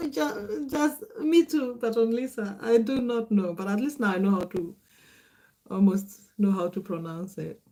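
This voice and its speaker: A woman's voice: mid-range voice, steady tone, normal speed, dark tone. A middle-aged Kenyan woman whose first language is Swahili, hosting a casual livestream, chatting, laughing often and answering viewer comments aloud. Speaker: livestream host.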